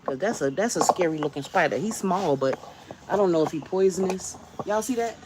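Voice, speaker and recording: A woman's voice: on the low side, animated, fairly quick, background noise. A woman vlogging from her home garden, telling a rambling story to her viewers and laughing often. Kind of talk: casual storytelling chat.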